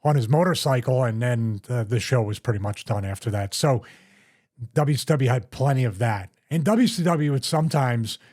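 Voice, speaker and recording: Measured man hosting a podcast. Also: mid-range voice, darkish tone. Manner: reflective, thinks aloud, measured. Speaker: podcast host. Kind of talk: casual podcast chat.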